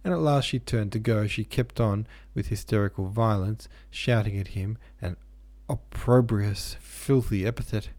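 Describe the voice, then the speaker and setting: A man reading a classic novel aloud as audiobook narrator, measured and expressive. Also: fairly low pitch, no echo.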